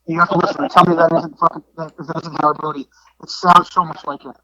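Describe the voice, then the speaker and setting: A high-voiced middle-aged man spinning casual stories with lots of restarts. The sound is dull and dry, like a lo-fi remote call. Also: fast, dry recording. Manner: animated storyteller with restarts. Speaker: wrestling promoter guest. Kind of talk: casual storytelling.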